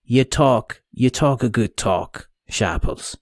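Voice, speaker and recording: A man's voice: mid-range voice, lively intonation, takes it slowly, no echo. A man hosting a podcast interview, teasing his guests and laughing often as he rambles. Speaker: podcast host.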